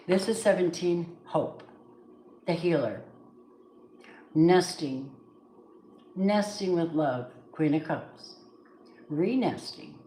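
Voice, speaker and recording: A woman's voice: fairly low pitch, dark tone, slight background noise. Chatty woman tarot reader, echoey room. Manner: chatty, emphatic, preacher-like bursts. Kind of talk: live tarot reading, casual chat.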